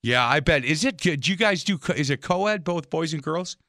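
A man hosting a sports radio talk show, chatty and fond of telling animated stories. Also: fairly high pitch, normal speed, no echo, studio quality. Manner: chatty storyteller, animated anecdotes.

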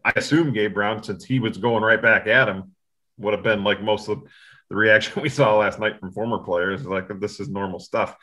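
A man's voice: on the low side, fairly even intonation, moderate pace, sharp tone. A man co-hosting a sports talk show, rambling casually and often restarting his sentences. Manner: rambling, self-interrupting. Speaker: sports podcast co-host.

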